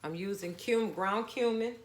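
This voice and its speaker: A woman's voice: medium pitch, measured pace, reverberant, a little hiss or hum. A woman casually talking viewers through a home cooking recipe, chatty and down-to-earth. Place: home kitchen.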